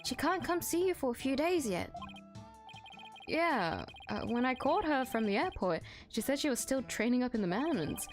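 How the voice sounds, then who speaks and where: This is a level-headed adult lawyer with a wry edge, voiced by a woman reading game text aloud. The pitch sits a little lower than her own speech. Soft background music plays. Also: big pitch swings, moderate pace. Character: calm adult male defense lawyer.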